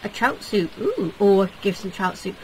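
A woman's voice: mid-range voice, sing-song, moderate pace, noisy background. A woman giving casual let's-play commentary, comically dramatic and given to whiny pleading. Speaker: video game player.

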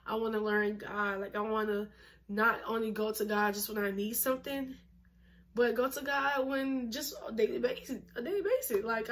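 A woman's voice: a little high, a bit bright. Chatty twenty-year-old woman vlogger. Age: 20s. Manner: chatty, emphatic, uses lots of fillers and laughs. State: out of breath, pregnant. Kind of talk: casual chat to camera.

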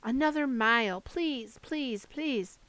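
A woman's voice: sits high, slow pace, fairly bright tone, no room sound. A woman as a tight-voiced worried mother. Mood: tense. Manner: tight, pleading. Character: worried mother driving through a storm. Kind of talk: audiobook character voice.

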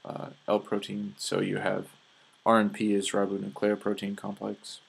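A young man with a Minnesota accent walks through slides in a relaxed, rambling lecture. His voice sits low and carries a gravelly fry, and he pads his sentences with plenty of "uh"s. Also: moderate pace. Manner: relaxed, filler-heavy explaining with frequent "uh"s. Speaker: radio host giving a science lecture. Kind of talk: casual spoken lecture over slides.

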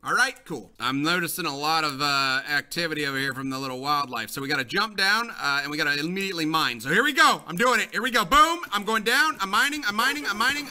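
A young man giving excitable let's-play commentary, talking to viewers, repeating himself and yelling when things go wrong. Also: a little high, fast, hardly any pauses. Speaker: gaming channel host.

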